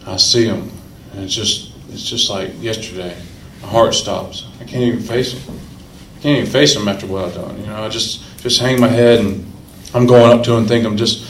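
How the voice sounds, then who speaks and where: A man tells his own recovery story to a meeting, earnest and emotional, circling back on phrases to drive them home. His voice sits a little low. The hall around him rings with echo and a faint hum. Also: steady tone, normal speed. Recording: echoey room.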